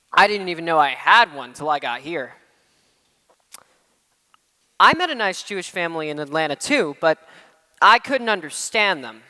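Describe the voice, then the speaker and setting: A man's voice: high voice, pushed and bright, full character voice. A student playing a wry, weary father. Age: teens. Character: weary traveling father writing home to his sons. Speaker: student actor. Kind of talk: stage monologue reading a letter. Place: school auditorium stage. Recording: echoey hall from a room mic.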